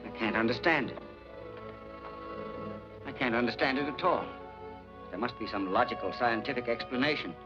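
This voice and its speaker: Gruff old frontier doctor, played by a man; muffled 1940s film sound. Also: mid-range voice, normal speed, long pauses, over music, lightly acted. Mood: weary. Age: older. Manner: gruff, scolding. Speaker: country doctor. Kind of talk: 1940s western film acting.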